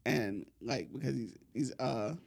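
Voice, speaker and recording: A man hosting a podcast, telling a long, profane story in a relaxed way and laughing often. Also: mid-range voice, unhurried, gravelly, husky. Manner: laid-back, profane, laughs often while telling stories. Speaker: podcast host. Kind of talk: casual storytelling chat.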